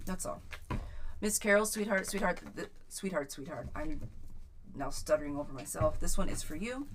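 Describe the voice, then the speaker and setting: A woman's voice: low voice, lively intonation, moderate pace, slight background noise. A woman reading tarot on a live stream, chatting casually, repeating viewers' questions aloud and stumbling over her words. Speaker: tarot reader.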